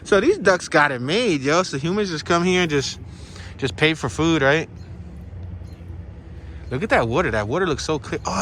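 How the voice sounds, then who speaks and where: On a chilly walking tour by a pond, a man jokes around in a playful, slangy vlog. His voice sits a little high and sounds fairly bright and animated; he talks at a normal speed but pauses often, with a little hiss or hum audible.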